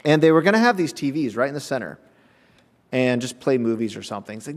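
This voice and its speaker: A man with a mid-range voice preaches at a quick pace, animatedly telling a personal story in which he acts out voices and laughs often. Long hall reverb carries the sound.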